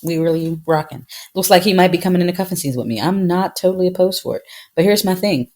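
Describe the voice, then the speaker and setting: Woman, 30s, podcast co-host, husky, sassy and emphatic, casual chat. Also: fairly low pitch, fast talker, a little mellow. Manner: sassy, emphatic, laughing storyteller.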